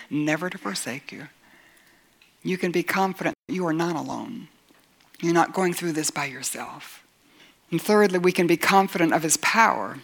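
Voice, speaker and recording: A woman Bible teacher giving a sermon in an earnest voice, asking rhetorical questions and rising to emphatic points. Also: medium pitch.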